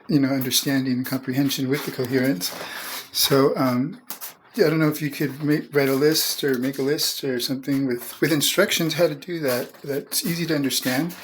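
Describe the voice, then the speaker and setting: A man's voice: medium pitch, a little hiss or hum. A man, a poet and musician, talking in an earnest, rambling way with hesitant restarts as he asks for advice. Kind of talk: casual spoken request.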